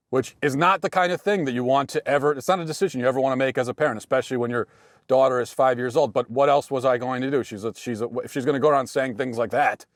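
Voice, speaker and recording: Wry American man, deadpan monologue. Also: mid-range voice, dry recording, clean studio sound. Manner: wry, deadpan humor with frequent restarts. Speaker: podcast host. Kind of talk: casual monologue.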